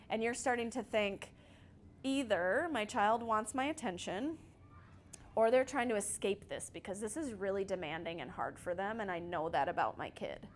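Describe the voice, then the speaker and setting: A woman's voice: mid-range voice, moderate pace, slight background noise. Chatty woman giving a parenting workshop. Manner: chatty, laughs often, addresses audience with "right?". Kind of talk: casual presentation to a group. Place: church meeting room.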